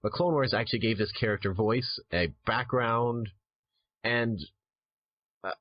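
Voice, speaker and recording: Male interviewer, mid pitch; rambling questions, lots of fillers; muffled lo-fi audio. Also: fairly even intonation, measured pace. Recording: dull lo-fi sound.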